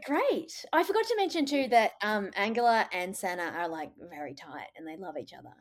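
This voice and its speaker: A woman's voice: medium pitch, expressive, a little fast. A woman co-hosting a comedy podcast, playful and teasing in casual chat. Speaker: podcast co-host.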